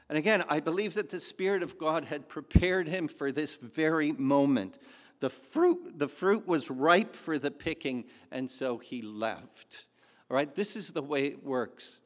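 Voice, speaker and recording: A man's voice: a little high, measured pace. A man preaching a sermon in a chatty, storytelling way with fillers and asides. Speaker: pastor. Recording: long hall reverb.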